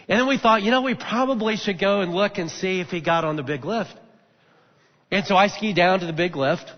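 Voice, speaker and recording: A middle-aged pastor preaches in a relaxed, conversational way, slipping into the voices of the people in his story. His voice sits high for a man. The sound is a little muffled and rings through a large hall. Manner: conversational, acts out quoted voices. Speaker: senior pastor. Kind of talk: storytelling sermon. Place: church auditorium.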